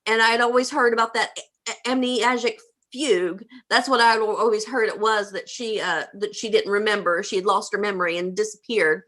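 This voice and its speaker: A woman's voice: medium pitch, steady tone, a little fast, fairly bright tone. A woman, a stage actor, rambling on a video call with many fillers and laughs. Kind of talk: casual video call chat.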